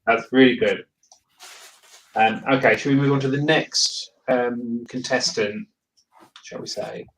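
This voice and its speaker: A man hosting a live stream in a relaxed, hesitant way, reading out viewer comments. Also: mid-range voice, measured pace, low-quality recording. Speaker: host.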